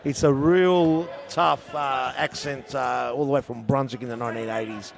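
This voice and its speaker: A man in his thirties with a Melbourne Australian accent, doing jokey live futsal commentary that jumps to shouts at big chances. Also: mid-range voice, fairly even intonation, moderate pace, vocal fry, a crowd in the background. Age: 30s. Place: indoor futsal stadium.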